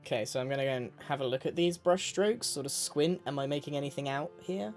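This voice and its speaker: A man's voice: on the high side, fast, soft background music. A man, chatting casually as a player in a tabletop game.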